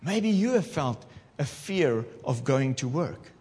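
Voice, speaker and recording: A male pastor preaching a sermon in an animated way, talking straight to his congregation in church. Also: medium pitch, slow, slightly rough, in a large hall.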